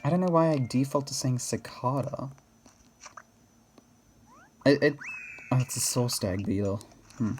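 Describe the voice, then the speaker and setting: A man's voice: mid-range voice, expressive, unhurried, long pauses, darkish tone, faint music behind. An Australian man chatting casually over gameplay, rambling and self-correcting with laughs. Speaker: gaming video host.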